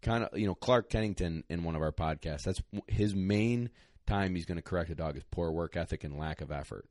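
Deep-voiced, blunt man giving training advice. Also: a little fast, a little mellow, no room sound, clean studio sound. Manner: blunt, plain-spoken, emphatic. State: a little out of breath. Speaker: retriever trainer, guest. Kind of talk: casual podcast advice.

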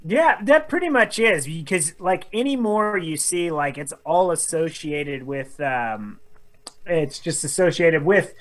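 A man's voice: on the high side, expressive, measured pace, a bit bright. A man co-hosting a casual comedy radio show, joking and rambling and laughing at his own jokes. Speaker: co-host.

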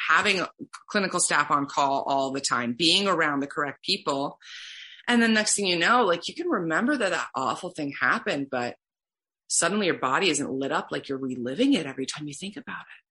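A woman's voice: low-pitched, pushed and bright, breathy edge. A woman therapist answering interview questions in an earnest, heartfelt way, with lots of fillers.

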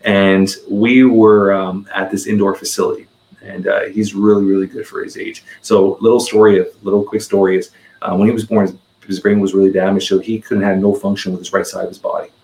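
A man in his forties speaks quickly in a low voice, rambling through a personal story and tripping over repeated words. His voice carries the echo of a roomy space. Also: level tone, creaky, a little mellow. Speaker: podcast guest. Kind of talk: casual storytelling in conversation.

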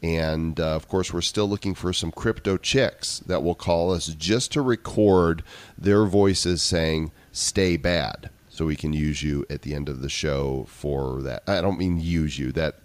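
A man's voice: rumbling low, a little slow. A man co-hosting a podcast in a playful, goofy, sing-song way. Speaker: podcast co-host. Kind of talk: casual podcast banter.

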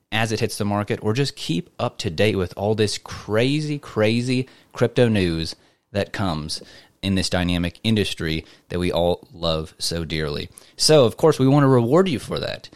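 A man's voice: fairly low pitch, dry recording. A chatty, upbeat man hosting a live crypto AMA. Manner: chatty, upbeat, lots of fillers. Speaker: host.

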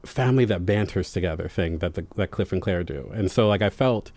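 A young man tells a family anecdote in a low, dry-sounding voice. He is animated and self-deprecating, breaking into quick impressions of others. The recording is close with no room sound. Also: no room sound. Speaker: guest. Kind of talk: storytelling in conversation.

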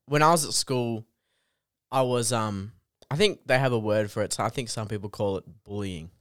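A man's voice: fairly low pitch, moderate pace, smooth, dry recording, clean studio sound. A man with an Australian accent hosting a podcast, chatting easily and agreeing with his guest. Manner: easygoing, chuckling agreement. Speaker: podcast host. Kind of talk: casual podcast chat.

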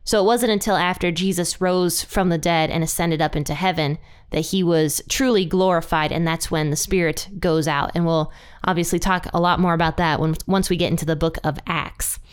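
Smooth-voiced woman teaching casually. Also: fairly low pitch, normal speed. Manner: chatty, animated retelling. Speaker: podcast host. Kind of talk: casual Bible study teaching.

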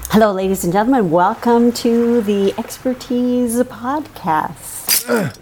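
A woman's voice: fairly high pitch, slow pace, darkish tone, faint music behind. A woman hosting a comedy podcast in a playful, theatrical manner, improvising with her guest. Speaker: podcast host.

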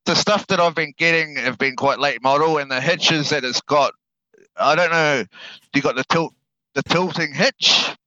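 A man's voice: on the high side, normal speed, bright, forceful tone, no room sound, dull audio. A man with a New Zealand accent, a guest talking casually about his trade work, laid-back and cursing freely, often repeating words as he thinks. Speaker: guest, heavy equipment operator. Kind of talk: casual podcast chat.

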